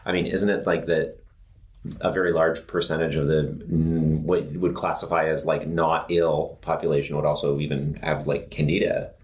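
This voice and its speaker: A man with a very low voice co-hosting a relaxed health podcast. He rambles through his points with plenty of "like" and "um", and he laughs easily. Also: normal speed. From Pacific Northwest of the US. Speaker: podcast co-host. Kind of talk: casual health podcast chat.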